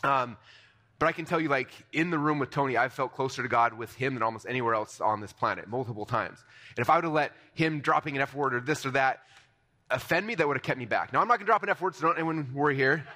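A man giving a motivational seminar talk to a live audience, energetic and conversational, with many fillers and restarts. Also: medium pitch, quick pace. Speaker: seminar speaker.

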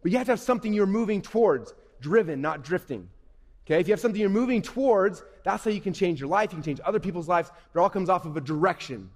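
A man giving an energetic, playful, emphatic live presentation to young people as a motivational speaker. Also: high-pitched, quick pace. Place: event hall. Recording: reverberant hall.

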